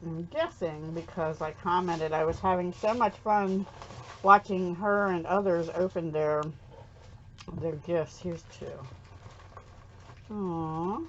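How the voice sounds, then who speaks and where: A woman's voice: on the low side, fairly even intonation, slow pace, pauses often, highs cut off, a little hiss or hum. A middle-aged woman from the USA chatting casually on her crafting vlog, gushing and easily touched as she unboxes handmade cards at home. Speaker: crafting vlogger.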